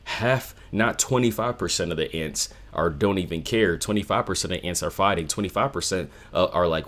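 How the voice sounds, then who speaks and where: A man's voice: low-pitched, a little fast, few pauses. A man hosting a music reaction video, talking earnestly and rambling with fillers between song plays. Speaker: music reaction channel host.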